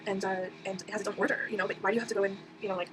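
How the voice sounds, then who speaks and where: Young woman, casual rambling storyteller, very rapid delivery, noisy recording. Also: mid-range voice, little pitch movement. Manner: rambling, fast, full of fillers and restarts. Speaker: vlogger. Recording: audible background noise.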